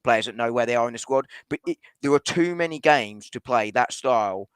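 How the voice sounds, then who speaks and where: Fast-talking man debating football. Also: mid-range voice, expressive, clean tone, no echo. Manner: fast, reasoned, hedging with restarts. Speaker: podcast panelist.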